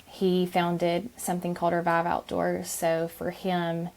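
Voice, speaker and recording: Podcast guest, woman, thirties, low gravelly voice, soft and halting delivery. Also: completely flat delivery. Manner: soft-spoken, many ums and restarts. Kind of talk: conversational interview.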